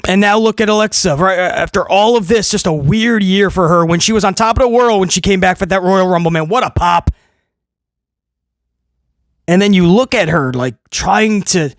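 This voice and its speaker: Brief: high-voiced male reviewer, animated and sarcastic, dry close-mic sound. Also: no echo. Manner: animated, mocking impressions and quips. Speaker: wrestling show reviewer. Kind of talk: casual commentary.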